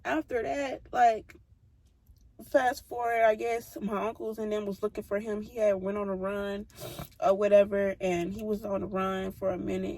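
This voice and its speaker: A young woman with a gravelly, husky voice tells a personal story straight to her audience. She speaks bluntly and heatedly, swearing freely in a loose, casual storytime style. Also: mid-range voice, mellow. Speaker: vlogger.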